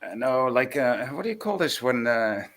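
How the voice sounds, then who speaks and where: A man's voice: medium pitch, sing-song, normal speed, fairly bright tone. A man from Europe in casual chat, searching for words with many fillers.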